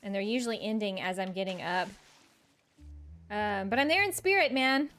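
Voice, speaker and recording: A woman's voice: medium pitch, animated, normal speed, fairly bright tone, soft background music. A woman streaming a game, chatting casually with viewers in a chatty, self-mocking way and laughing often. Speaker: live-streaming gamer. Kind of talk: casual gameplay chat with viewers.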